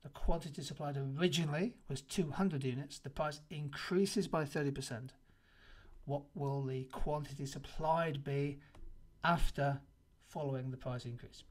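A man's voice: a little high, moderate pace. A man teaching an economics revision lesson, walking through multiple choice answers in an explanatory manner and stressing the key points. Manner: explanatory, emphatic on key answers, occasional restarts.

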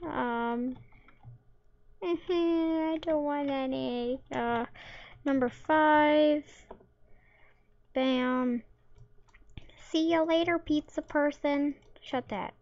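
High-voiced woman narrating her gameplay. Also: drawn-out words, pauses often, dull audio. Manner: playful, silly sound effects and jokes. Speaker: gamer. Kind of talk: casual gameplay commentary.

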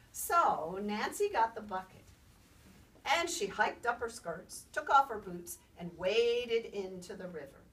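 A woman storyteller telling a folk tale aloud in an expressive, lilting way. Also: mid-range voice, measured pace. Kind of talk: oral storytelling. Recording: distant mic, faint background noise.

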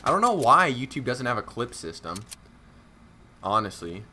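A young man streams a shooter live, his medium-pitched voice at a moderate pace with a slight hiss or hum behind it. Chatting loosely with viewers, he jokes at himself in slangy banter and gets worked up at the tense points of his gameplay commentary.

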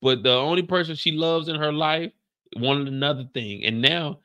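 A man's voice: a little high, moderate pace, muffled recording. A young man hosting a casual reaction show, recapping an episode and acting out scenes in voices. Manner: animated, acts out scenes in voices.

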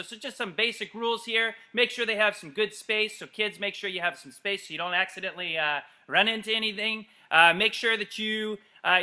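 Man, middle-aged, gymnastics coach, very high and bright voice, energetic, echoey gym. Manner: energetic, shouts commands and playful yells. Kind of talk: live-streamed kids' exercise class. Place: empty gym.

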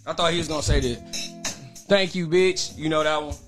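A man's voice: fairly high pitch, steady tone, fairly quick. A man co-hosting a comedy call-in show, teasing and goading in banter. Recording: music in the background.

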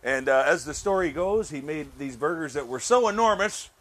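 A man's voice: fairly high pitch, expressive, normal speed, a bit bright. A man hosting his own cooking show, chatting casually to viewers while he demonstrates a recipe, often repeating words as he goes. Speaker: cooking channel host.

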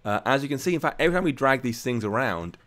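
A man's voice: mid-range voice, quick pace. A man hosting a live coding stream from home, chatting casually and answering viewer questions with plenty of ums. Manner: chatty and relaxed, many ums and restarts.

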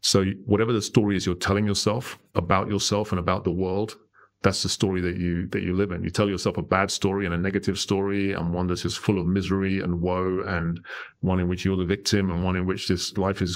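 A man's voice: deep voice, a little fast. A middle-aged man on a podcast, telling a story in a conversational way and often checking in with "right?". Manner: animated storyteller, tags lines with "right?". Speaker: podcast guest.

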